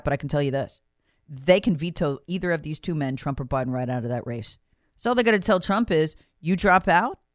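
A woman's voice: fairly low pitch, dry recording, clean studio sound. A woman hosting a talk show, giving an emphatic, sarcastic political commentary monologue and repeating words for emphasis. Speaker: talk radio host.

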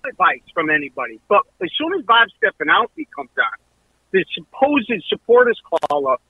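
A male caller rants sarcastically down a phone line. His voice is husky, high and animated. The line sounds thin and tinny. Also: normal speed. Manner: ranting, sarcastic.

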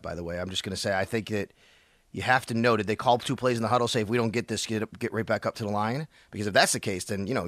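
Bright-voiced male sports radio analyst. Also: fairly low pitch, no room sound, studio quality. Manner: thoughtful, hedging, many fillers. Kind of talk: sports talk radio chat.

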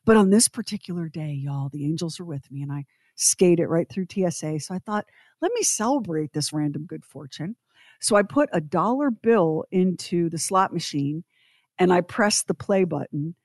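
Expressive woman telling a story. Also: lowish voice, normal speed, no echo, clean studio sound. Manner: expressive, emphatic, swings to loud indignation. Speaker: guest storyteller. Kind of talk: animated personal storytelling.

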